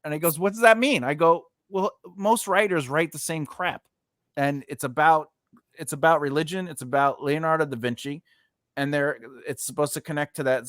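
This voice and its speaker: A man's voice: mid-range voice, fairly bright tone, no room sound, studio quality. A man hosting a casual chat over a video call, telling rambling stories full of fillers and restarts. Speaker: podcast host.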